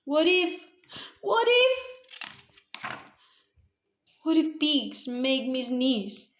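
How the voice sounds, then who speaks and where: A woman voicing an anxious male elephant in a children's storybook, speaking slowly and dramatically. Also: high voice, sing-song, a bit bright, full character voice. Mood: worried.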